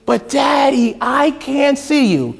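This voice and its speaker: A frightened little boy's voice, put on by a man, high and pleading. It rises and falls a great deal as he calls for his daddy. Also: expressive, takes it slowly, gravelly, exaggerated voice. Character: frightened young boy trapped upstairs.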